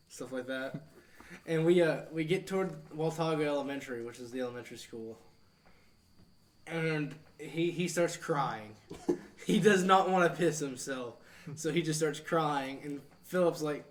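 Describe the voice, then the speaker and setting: A young college-age man with a slightly high voice rambles through a story in a laid-back way, using country turns of phrase. He chats casually with friends on a podcast recorded outdoors. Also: moderate pace, slight background noise. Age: young adult. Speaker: podcast co-host. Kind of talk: casual chat.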